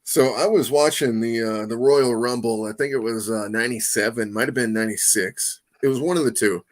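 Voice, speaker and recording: A man hosting an interview podcast, talking in a casual, animated way that jumps between loud bursts and quiet asides. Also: mid-range voice, a little fast. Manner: excitable, animated, swings loud and soft; peppers talk with "man" and "you know what I mean". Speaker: podcast host.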